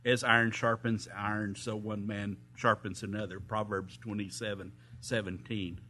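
A man's voice: lowish voice, flat delivery, moderate pace. A man preaching to a congregation, retelling a camp story in a sermon with frequent hesitations and chuckles. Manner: hesitant, many uh fillers, chuckles. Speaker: pastor reading a volunteer's story.

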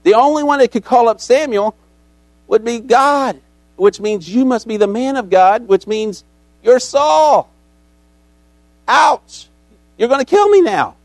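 A man's voice: extremely high pitch, moderate pace, a little mellow, no echo, voice pushed up. A man voicing a frightened woman medium who shrieks and gasps in panic as he retells a story in a sermon. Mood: panicked.

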